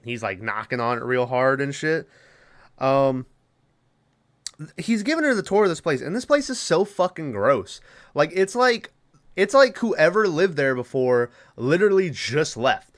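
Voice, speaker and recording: A man hosting a podcast, casually recapping a movie plot in a loose, profane, rambling way with quick mock voices. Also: on the high side, very animated. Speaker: podcast host.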